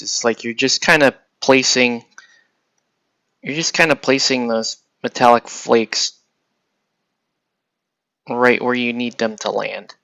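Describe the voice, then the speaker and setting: A man chats his way through a painting tutorial, thinking out loud and often leaving sentences unfinished. His voice sits at a middle pitch. The sound is dry and close, with no room echo. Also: gravelly. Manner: relaxed, thinking aloud while painting, trailing off mid-sentence. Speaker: miniature painting host. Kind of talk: casual painting tutorial talk.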